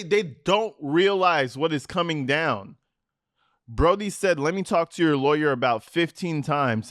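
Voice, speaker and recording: A man's voice: fairly high pitch, a bit bright, no room sound, clean studio sound. A man giving profane reaction commentary on police footage in a mocking, sarcastic way. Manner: mocking, sarcastic, swears a lot.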